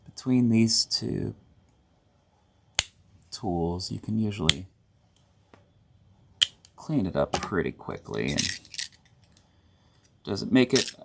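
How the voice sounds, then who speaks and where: A middle-aged man talks through a hobby tutorial in a room at home. His voice sits low and carries a gravelly rasp. He rambles in a chatty, easygoing way and keeps correcting himself mid-thought. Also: very animated, slow, long pauses, background noise. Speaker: host of a board gaming channel.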